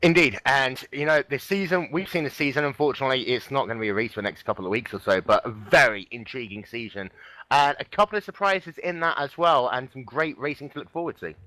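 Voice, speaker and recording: A man's voice: mid-range voice, fast, pushed and bright, dry recording, rough recording. A man doing lead commentary on a live sim racing broadcast, chatty and joking.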